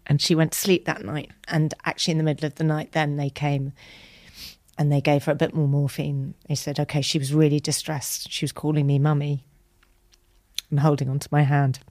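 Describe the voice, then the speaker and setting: A woman guest telling an emotional personal story in a candid, chatty way, acting out quoted lines with soft whispers. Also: low voice, level tone, moderate pace, pauses often, no room sound.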